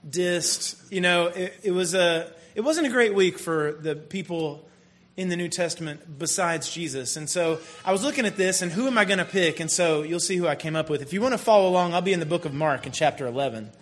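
A pastor in his thirties with a high, slightly fast voice gives a sermon built around a family story. He is conversational and self-deprecating, with many restarts and asides.

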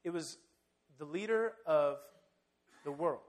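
A man preaching a sermon, telling the story vividly and swinging between loud emphasis and hushed, quiet lines. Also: fairly high pitch, takes it slowly. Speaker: pastor.

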